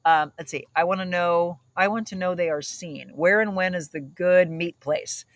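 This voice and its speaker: A woman's voice: lowish voice, normal speed, dry recording, poor audio. A woman hosting a casual talk show from South St. Louis, telling family stories with plenty of laughter. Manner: lively storyteller, laughs often. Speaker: host. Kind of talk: casual chat.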